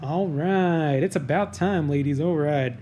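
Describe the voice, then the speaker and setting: A man's voice: fairly high pitch, measured pace, dark tone, slight background noise. A man hosting a comedy news podcast, riffing on headlines in a casual, crude, sarcastic way. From United States. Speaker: podcast host.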